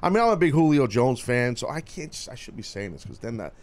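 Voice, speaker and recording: A man hosting a radio show, teasing his cohost and callers in loud, casual banter. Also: medium pitch, very animated, fast talker. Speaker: radio host.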